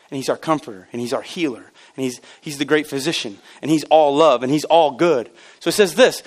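Animated high-voiced man preaching. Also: brisk, few pauses. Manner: animated, swings between loud exclaims and hushed low asides. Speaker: pastor. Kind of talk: sermon. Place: church sanctuary.

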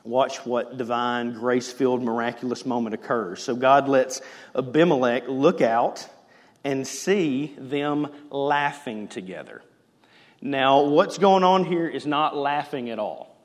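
A man preaching a sermon, animated, swinging between loud emphasis and hushed lines. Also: mid-range voice, unhurried. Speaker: pastor. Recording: echoey hall.

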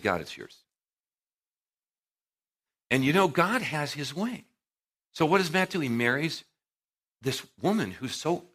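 A middle-aged man preaching a sermon to a live audience, telling stories with animated swings in volume and acting out what people said. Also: medium pitch, slightly rough. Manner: animated storytelling, acting out quotes with big swings in loudness.

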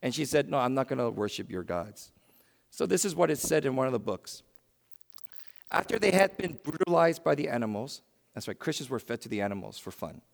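A man preaching a sermon in a church, swinging between loud emphatic bursts and hushed, quiet lines. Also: on the high side, lively intonation, a little fast, creaky, long reverb tail. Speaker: pastor.

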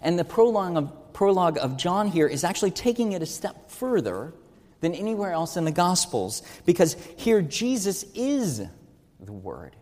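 A man's voice: sits high, very animated, moderate pace, a little mellow, in a large hall. A man giving an earnest teaching sermon, stressing key words and asking rhetorical questions. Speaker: preacher.

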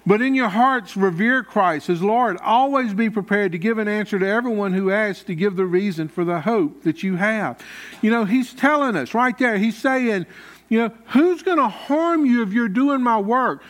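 A man's voice: high-pitched, moderate pace. A man preaching a sermon as pastor, in a folksy, conversational way.

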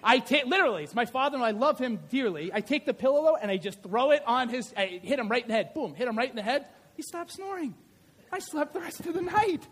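High-voiced animated male preacher. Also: quick pace, husky. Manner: animated storytelling, acts out scenes. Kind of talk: sermon.

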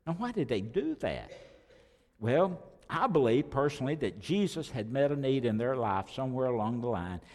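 A man's voice: mid-range voice, sing-song, normal speed. Man preaching in a reverberant church. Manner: conversational preaching with sudden loud rises and soft drops. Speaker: pastor. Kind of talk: sermon.

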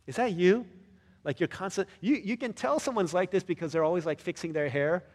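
A pastor preaching a sermon in a church, conversational and animated, often asking the listeners questions. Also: male voice, high-pitched, fairly quick, slightly rough, in a large hall.

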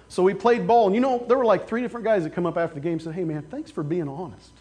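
A male pastor preaching a sermon, with casual stories and sudden loud, emphatic outbursts. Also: sits high, fairly even intonation, rapid-fire, hardly any pauses, a little hiss or hum.

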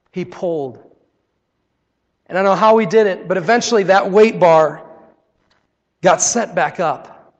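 A young man preaching a sermon, telling a personal story with animated, acted-out scenes. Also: sits high, big-room sound.

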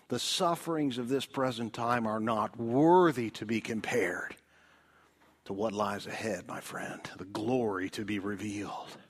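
A male preacher in middle age delivers a sermon at an unhurried pace. His fairly high voice moves up and down a great deal as he goes. He swings between loud, pleading cries and hushed whispers. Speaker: pastor.

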